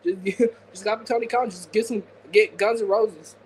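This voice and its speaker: A man's voice: high voice, fairly even intonation, normal speed, darkish tone, slight background noise, low-quality recording. A man co-hosting a casual wrestling podcast, rambling with many fillers and frequent laughs. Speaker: podcast co-host. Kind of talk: casual chat.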